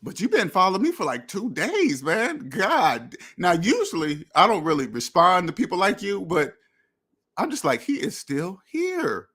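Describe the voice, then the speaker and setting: A man's voice: high-pitched, sing-song, normal speed, sharp tone, slightly rough. A man hosting a money channel, talking bluntly and repetitively straight to his viewers with many restarts. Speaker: finance channel host. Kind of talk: direct-to-camera rant.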